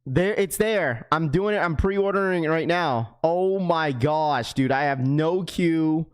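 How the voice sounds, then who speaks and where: A young man livestreaming to his chat in a casual, slangy way, getting excited and repeating himself. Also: a little high, a little slow, clear, resonant tone. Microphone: webcam setup.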